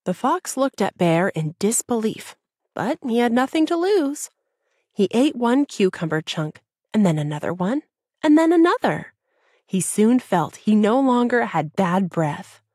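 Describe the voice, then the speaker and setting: A woman narrating a children's audiobook in an expressive storytelling voice. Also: medium pitch, unhurried, breathy edge, no echo, studio quality.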